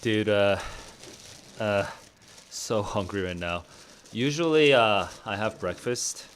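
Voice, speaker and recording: A man with a notably deep, low voice talks casually on a home live stream, laid-back and a little rambling. He sounds low on energy, and faint room ambience sits behind him. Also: animated, takes it slowly, a little hiss or hum. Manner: laid-back, rambling, with frequent fillers and laughs. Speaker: streamer answering viewer questions.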